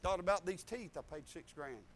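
A man's voice: fairly quick, slight background noise. An older man, preaching a folksy sermon full of stories, laughter and hallelujahs. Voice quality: high-pitched. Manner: rambling storytelling with laughs and hallelujahs.

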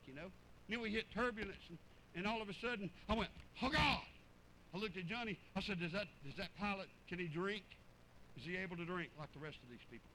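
A middle-aged man preaching informally, telling animated personal stories, acting out dialogue and repeating words as he goes. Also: sits high, a little hiss or hum, poor audio.

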